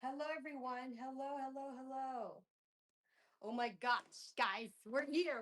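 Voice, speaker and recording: A woman runs her first live stream in a casual, bubbly way, sounding nervous and often repeating herself as she talks to viewers. Her voice sits fairly high. The mic is not attached, so a slight echo colors the sound. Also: steady tone, a little slow. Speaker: streamer hosting a live chat. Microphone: camera or built-in mic, mic not attached. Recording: echoey room sound from a detached mic.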